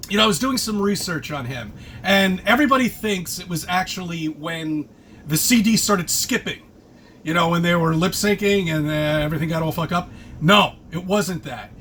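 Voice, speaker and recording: A high-voiced man hosts his own channel and rants straight at his viewers. His tone is bright and forceful, full of profanity and sudden outbursts. A faint ambient hiss sits behind him. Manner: angry, profane and preachy, with sudden loud jumps and laughs. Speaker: channel host. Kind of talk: ranting monologue to camera.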